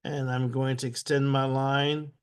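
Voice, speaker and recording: A man teaching a step-by-step software tutorial. He repeats each step aloud patiently and keeps clearing his throat. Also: medium pitch, level tone, unhurried. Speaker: instructor.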